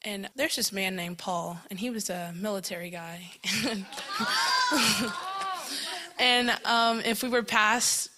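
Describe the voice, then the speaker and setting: A woman's voice: mid-range voice, lively intonation, slow pace, pauses often, sharp tone, slight background noise. A young woman casually sharing a testimony about camp, chatty and full of fillers like "like" and "um", often breaking into laughter. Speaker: camp attendee giving a testimony.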